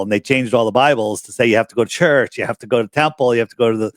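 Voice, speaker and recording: A man holding forth as a podcast guest, spinning stories with lively delivery and slipping into the voices of the people he describes. His voice sits at a middling pitch and sounds dry and close to the mic, with no room around it. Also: very fast, hardly any pauses, dry recording. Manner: animated storyteller, acts out quoted dialogue. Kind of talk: casual podcast conversation.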